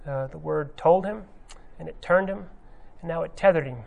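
A man preaches in a loose, conversational way, his voice sitting a little high. He fills his pauses with ums and uhs as he walks through the story. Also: creaky, phone-quality sound. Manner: conversational, many ums and uhs, retells scenes with quoted lines. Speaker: pastor. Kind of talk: informal sermon.

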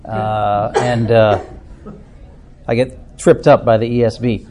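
A man's voice: medium pitch, level tone, takes it slowly, darkish tone, a little hiss or hum. A middle-aged man from Minnesota with an Upper Midwest American accent, leading an informal church discussion group in a chatty, self-deprecating way with frequent fillers. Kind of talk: informal talk to a small group.

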